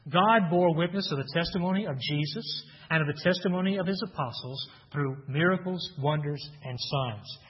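A man's voice: fairly high pitch, normal speed, hardly any pauses. A man preaching a sermon in an earnest teaching tone, asking rhetorical questions and reading scripture aloud. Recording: dull sound with long hall reverb.

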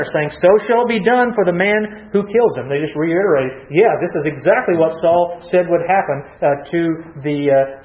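A man with a high voice leads a Bible class, reading verses aloud and questioning his listeners. He answers his own questions and explains each passage in plain words. The sound is dull and lo-fi, and it echoes around a live room. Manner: asks the class questions and answers them himself. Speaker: Bible study teacher.

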